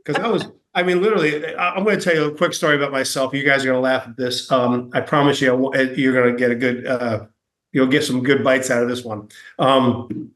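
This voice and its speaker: A man's voice: mid-range voice, steady tone, brisk, a bit bright. A man from New York with a New York accent, telling stories as a guest in a casual interview, rambling and self-deprecating with many fillers and restarts. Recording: echoey room.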